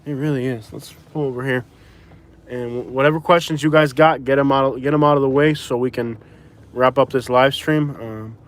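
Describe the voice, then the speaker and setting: A man's voice: medium pitch, steady tone, moderate pace. Rambling man chatting from his car. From Florida. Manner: rambling, self-correcting, chatty. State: tired with a migraine. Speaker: vlogger. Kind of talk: casual live-stream chat. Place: inside a vehicle.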